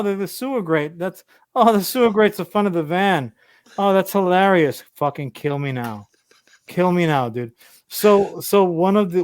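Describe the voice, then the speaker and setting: A man's voice: fairly high pitch, no echo, clean studio sound. A man co-hosting a podcast in casual chat, telling rambling, profane stories and mocking people in put-on voices. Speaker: podcast co-host.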